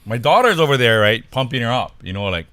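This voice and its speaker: A man's voice: medium pitch, big pitch swings, fast, bright, forceful tone, no room sound. A man from Hawaii co-hosting a podcast, telling a funny story in casual chat and laughing along as he goes. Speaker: podcast co-host.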